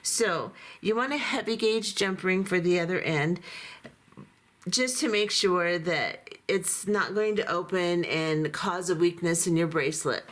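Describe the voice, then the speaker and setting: Female craft instructor, lowish voice going hoarse, steady and methodical step-by-step delivery. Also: unhurried. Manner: calm, methodical, talks through each step while working. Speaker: beading instructor.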